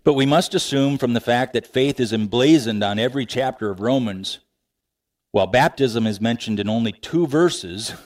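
A man preaching a sermon, animated, laughing often and asking rhetorical questions. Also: medium pitch. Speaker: pastor.

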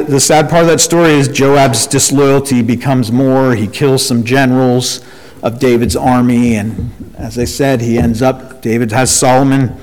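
Animated preacher in a reverberant hall. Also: male voice, mid-range voice. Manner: animated, acts out quoted voices. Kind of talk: sermon with scripture reading.

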